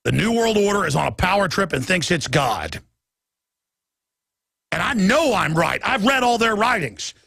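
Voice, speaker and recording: A man hosting a radio talk show, delivering a heated, emphatic monologue that swings between loud and soft. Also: high voice, sing-song, normal speed, vocal fry, pauses often, husky, no room sound, clean studio sound. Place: radio studio.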